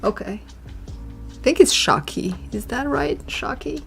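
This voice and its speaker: A woman's voice: high voice, animated, a little slow, creaky, a bit bright. A woman art vlogger chatting casually and musing aloud while she draws, opinionated and given to sighs. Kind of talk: casual chat while drawing. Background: faint background music.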